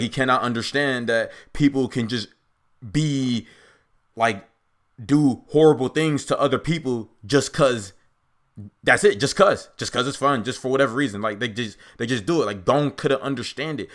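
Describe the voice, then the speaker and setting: A man's voice: mid-range voice, a bit bright. A young man giving casual, unscripted commentary as an anime reaction host, rambling and argumentative with lots of filler words.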